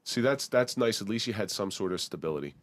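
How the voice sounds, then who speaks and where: Deep-voiced male podcast host, direct. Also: lively intonation, fast, no room sound. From Atlantic City area. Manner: direct, probing questions with personal asides. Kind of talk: interview questions, casual talk.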